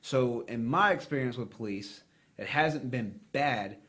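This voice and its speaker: A man's voice: mid-range voice, a little slow, fairly bright tone. A man from the United States on a podcast, giving blunt, rambling opinions with a lot of swearing. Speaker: podcast co-host. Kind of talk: casual podcast discussion.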